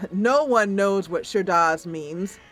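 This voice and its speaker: A woman's voice: mid-range voice, takes it slowly, a bit bright, faint music behind. A woman narrating a voice-acted role-play of a computer game, with playful, laughing asides.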